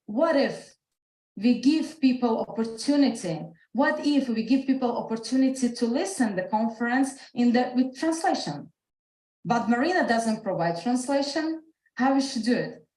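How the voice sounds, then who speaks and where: A woman's voice: fairly high pitch, a little mellow, reverberant, low-quality recording. A woman with a Slovak accent telling an earnest personal story on a video call, her English full of restarts. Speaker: speaker. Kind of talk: motivational talk on a video call.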